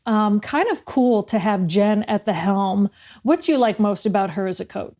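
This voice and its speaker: A woman's voice: mid-range voice, moderate pace. A middle-aged woman from Massachusetts hosting a sports radio show, telling stories in casual interview chat and acting out quoted lines. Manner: storytelling, animated, acts out quotes.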